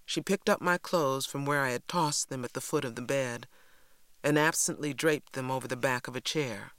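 A woman narrating an audiobook in a steady, measured storytelling voice on a close studio mic. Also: extremely low pitch, no echo. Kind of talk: scripted narration.

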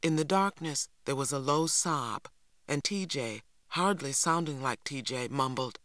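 A narrator reading a novel aloud in a steady storytelling manner. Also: mid-range voice, measured pace, dry recording, studio quality. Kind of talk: audiobook reading.

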